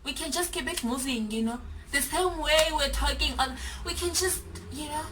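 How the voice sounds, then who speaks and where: A South African woman talks straight to her viewers in a lively, teasing, exasperated way. Her voice is bright and a little high. She sits slightly back from the mic, with a faint hiss of noise behind her. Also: normal speed, recorded from a distance. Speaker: YouTuber. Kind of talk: casual vlog chat.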